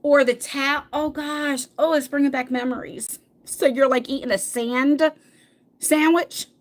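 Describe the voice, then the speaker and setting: A woman's voice: sits high, steady tone, measured pace. A middle-aged woman hosting a casual livestream chat, reading viewer comments, laughing often and stumbling over words.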